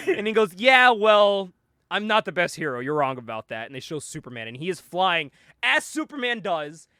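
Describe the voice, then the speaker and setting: A man with a high, bright voice that swings widely as he retells a comic story, dropping into other characters' voices and laughing between lines. The recording is dry and close. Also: big pitch swings, moderate pace, no echo. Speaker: podcast host. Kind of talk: casual comic book recap.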